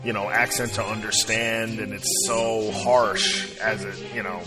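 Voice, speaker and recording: A man's voice: fairly low pitch, little pitch movement, a little slow, music in the background. Easygoing male podcast co-host. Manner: easygoing, agreeable, thinking out loud. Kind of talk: casual podcast discussion.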